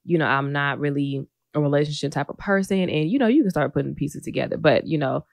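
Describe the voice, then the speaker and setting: A woman's voice: deep voice, fast, creaky, dry recording. A woman co-hosting a podcast in casual chat, teasing and slangy. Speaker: podcast co-host.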